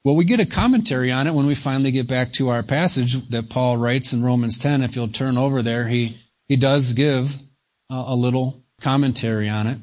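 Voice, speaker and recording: A man preaching an expository sermon, speaking deliberately and stretching key words for emphasis. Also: mid-range voice. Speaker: pastor.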